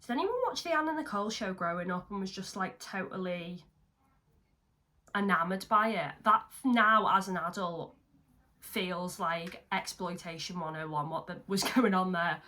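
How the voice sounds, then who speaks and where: Her tone is sharp and her pitch fairly low, delivered at a moderate pace. She's a young makeup vlogger sitting at home for a tutorial, chatting casually, mocking herself and now and then swearing.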